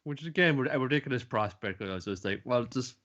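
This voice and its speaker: A man's voice: mid-range voice, animated, fast talker, fairly bright tone. A man co-hosting a casual podcast, swearing freely and acting out characters' lines. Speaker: podcast co-host. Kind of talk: casual chat. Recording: dull lo-fi sound.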